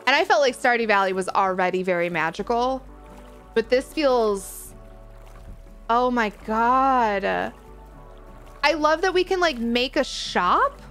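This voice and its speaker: A woman giving live reaction commentary as a gaming streamer, excitable and gushing, full of exclamations. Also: a little high, takes it slowly, pauses often, soft background music.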